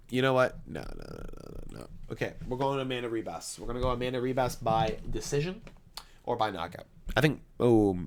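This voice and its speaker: A man's voice: mid-range voice, a bit bright. A man hosting a casual fight predictions vlog, talking late at night in a blunt, rambling, profane way. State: late at night, blowing his nose. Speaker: MMA fight predictions host.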